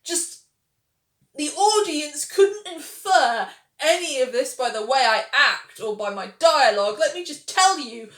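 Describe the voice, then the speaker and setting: A woman doing a shrill melodramatic info-dumper. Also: animated, unhurried, fairly bright tone. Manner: grand, stilted announcing. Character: melodramatic TV character info-dumping backstory. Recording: roomy echo.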